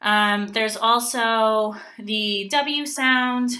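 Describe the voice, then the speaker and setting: A young woman giving a class presentation on language learning, pausing often with ums as she explains. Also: fairly high pitch, pushed and bright. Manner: hesitant, many ums. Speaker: graduate student presenter.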